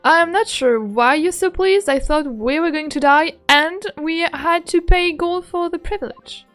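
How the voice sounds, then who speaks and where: A woman reading the lines of an earnest young male law student from a game, in her own high voice. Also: measured pace, fairly bright tone, faint music behind. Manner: reading game dialogue aloud plainly.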